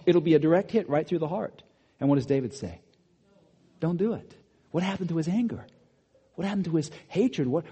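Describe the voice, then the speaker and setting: A man preaching a sermon, animated, rising to emphatic peaks and dropping to quiet asides. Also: a little high, husky. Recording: long hall reverb.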